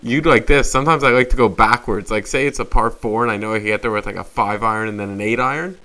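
Bright-voiced, dry-joking male co-host. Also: lowish voice, fast talker. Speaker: podcast co-host. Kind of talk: casual podcast chat.

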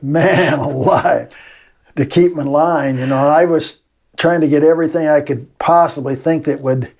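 A man's voice: a little high, steady tone, moderate pace, darkish tone. An older man, a retired teacher telling folksy classroom stories with frequent laughs in a casual interview.

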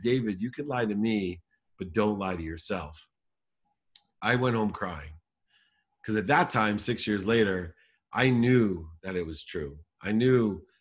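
A man in his forties telling a personal story in conversation, earnest and emphatic, slowing down for the key lines. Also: deep voice.

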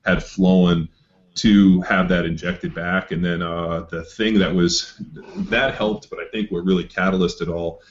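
Low-voiced, swearing male storyteller. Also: unhurried. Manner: profane, animated, acts out quoted voices. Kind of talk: casual storytelling chat. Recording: slightly dull lo-fi audio.

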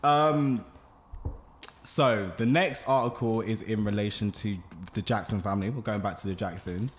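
A man's voice: lowish voice, normal speed, a little hiss or hum. A man hosting a casual group podcast, speaking emphatically and repeating points for effect. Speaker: podcast host.

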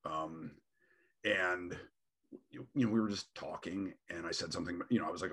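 A man in his thirties hosting a casual podcast conversation, animated and quick to mimic other people in quotes. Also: sits low, slightly rough. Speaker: podcast host.

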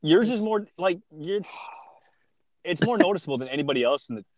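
A man's voice: high-pitched, animated, a little fast, darkish tone, no echo. A young man hosting a casual podcast, asking questions and teasing his guest with a laugh. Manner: joking, teasing interviewer, laughs a lot. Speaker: podcast host. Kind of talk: casual chat.

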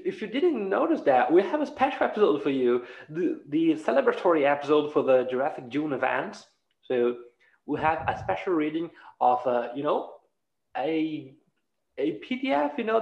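A talkative man hosting a casual podcast, laughing often and throwing in animated asides. His voice sits a touch high. The recording is dull and lo-fi, with a roomy echo around him. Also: creaky. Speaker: podcast host.

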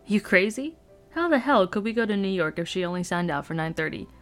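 A woman's voice: mid-range voice, lively intonation, brisk, fairly bright tone, soft background music, natural voice. Woman voicing a sneering teenage boy. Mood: dismissive. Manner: sneering, exasperated outbursts. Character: arrogant, irritable teenage boy roommate.

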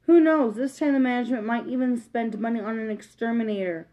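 A woman's voice: on the high side, brisk, mellow, close to an everyday voice, rough recording. A woman reading aloud, voicing a grumpy, cautious older uncle mouse in a storybook. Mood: gruff.

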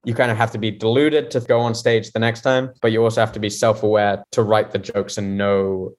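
A man's voice: on the low side, little pitch movement, a little fast. A man from London, a guest comedian chatting candidly on a podcast, self-mocking and laughing often. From London, England. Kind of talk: casual podcast chat.

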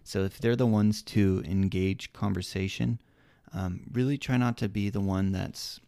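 A man with a gravelly, dark voice and a slight Southern American accent, co-hosting a casual podcast. He rambles through his thoughts with plenty of fillers, and his delivery is fairly flat, recorded close and dry. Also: lowish voice, measured pace, no echo. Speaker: podcast co-host.

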